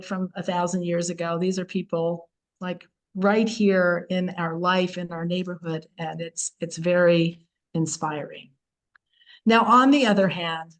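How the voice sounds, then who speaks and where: A woman with a fairly low voice leads an informal weekly Torah lesson, recorded in low quality. She tells stories earnestly and conversationally, often using fillers and starting sentences over.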